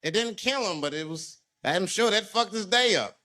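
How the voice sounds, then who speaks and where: A man doing stand-up, telling a profane story in a high voice that swings up and down. His tone is bright and sharp, and he acts out everyone's voices as he goes. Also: normal speed. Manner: animated storytelling, acting out people's voices; profane and conversational. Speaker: stand-up comedian. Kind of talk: stand-up comedy routine.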